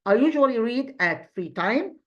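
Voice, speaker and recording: A woman's voice: a little high, expressive, normal speed. Hesitant woman teacher, slightly muffled audio. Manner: hesitant, many fillers and restarts, spells out letters. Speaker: English teacher. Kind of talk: online lesson review.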